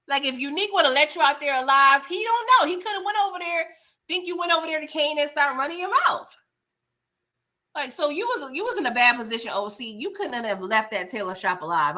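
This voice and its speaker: A woman hosting a casual live-stream TV recap, animated and laughing as she talks back to the characters. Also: high voice. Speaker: TV recap host.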